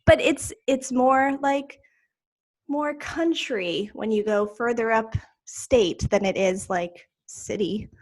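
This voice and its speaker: A woman from New York with a New York accent, co-hosting a podcast in casual, animated chat. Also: fairly high pitch. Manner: animated, quick to agree, fillers. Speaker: podcast co-host.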